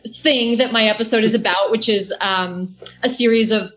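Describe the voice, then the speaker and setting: Female interviewee, wry storyteller, mid pitch. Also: fairly even intonation, moderate pace, a bit bright. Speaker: guest director. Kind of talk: interview answer.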